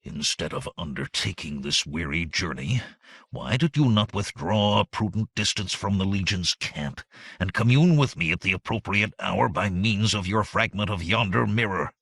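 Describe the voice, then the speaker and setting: A man voicing a hissing, sharp-tongued sorcerer. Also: low-pitched, sing-song, moderate pace, husky, no room sound, clean studio sound, full character voice. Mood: cold anger. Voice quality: sibilant, hissing. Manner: sharp, commanding. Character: sinister male sorcerer, proud and short-tempered.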